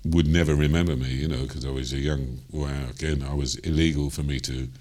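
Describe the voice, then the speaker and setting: A man's voice: rumbling low, fairly even intonation, fairly quick, darkish tone. An older man with a Cockney accent, a jazz singer telling stories from his life in a rambling way, full of ums and you-knows, chuckling as he goes. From London, England. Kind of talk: interview storytelling.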